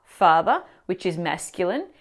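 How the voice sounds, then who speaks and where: A woman teacher explaining grammar mistakes in clear, instructive scripted narration, asking the viewer questions. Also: on the low side, very animated, measured pace. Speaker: language teacher.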